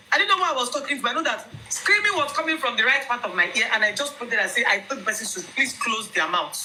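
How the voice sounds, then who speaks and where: A young Nigerian woman with a Nigerian accent telling viewers her own story in an emphatic, animated way. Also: a little high, fast talker, hardly any pauses, a little hiss or hum, low-quality recording. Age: young adult.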